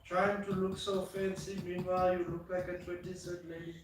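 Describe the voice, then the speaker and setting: A man's voice: sits high, level tone, moderate pace, over music. A man, the host's brother, teasing and swearing from the background of a home. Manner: crude teasing, swears a lot. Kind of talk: casual banter. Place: home, off to the side of the kitchen. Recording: far off mic in a very echoey room.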